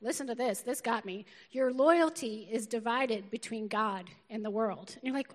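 A middle-aged woman pastor preaching a lively, feisty sermon and laughing often, recorded in a church auditorium. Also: a little high, moderate pace. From northern United States. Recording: long reverb of a large hall.

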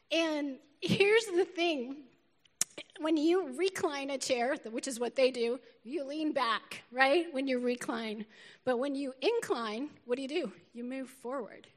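Middle-aged woman pastor, feisty and lively sermon delivery with quick laughs; high voice, big reverberant church hall. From northern United States. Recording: long reverb of a large hall.

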